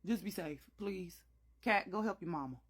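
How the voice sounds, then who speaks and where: Woman doing her tired dad, low-ish and soft, kinda pleading. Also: moderate pace, husky. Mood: resigned. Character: weary, resigned father.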